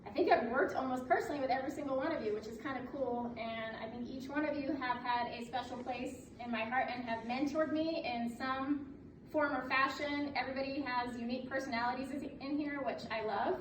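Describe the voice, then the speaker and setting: High-voiced woman giving a candid ceremony speech. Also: fairly even intonation, fairly quick. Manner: candid, joking, laughs often. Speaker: military officer being promoted. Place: indoor room at a ceremony. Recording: echoey room, distant mic, noisy background.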